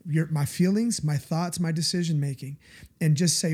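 Male pastor, conversational sermon; warm, mellow tone, emphatic and confessional. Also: a little high, steady tone, normal speed, slightly rough. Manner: earnest, confessional, emphatic, often asks listeners "right?".

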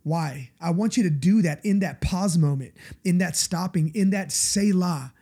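Male pastor, conversational sermon; warm, mellow tone, emphatic and confessional. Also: high voice, measured pace, breathy edge. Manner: earnest, confessional, emphatic, often asks listeners "right?".

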